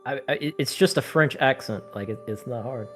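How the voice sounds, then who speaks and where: A player on a voice call making dry, low-key jokes at the others' expense. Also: a little fast, over music. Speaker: tabletop game player. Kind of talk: casual chat on a voice call.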